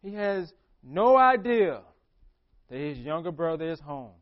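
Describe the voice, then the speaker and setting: A man's voice: a little high, very animated, measured pace, lo-fi sound. A man preaching a sermon as pastor, repeating phrases for emphasis and acting out a character's questions.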